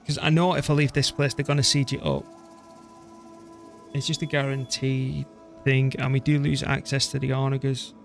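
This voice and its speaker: A man's voice: mid-range voice, little pitch movement, normal speed, gravelly, faint music behind. A man, casually talking through a strategy game he is playing and muttering to himself as he goes. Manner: chatty, muttering to himself, mild swearing. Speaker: streamer. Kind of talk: casual gameplay commentary.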